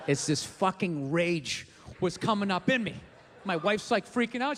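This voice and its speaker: A man's voice: sits high, lively intonation, a little fast, fairly bright tone. A man doing a profane, ranting stand-up comedy routine on stage, acting out the voices in his story. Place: comedy stage before an audience. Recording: live venue with long reverb, faint noise.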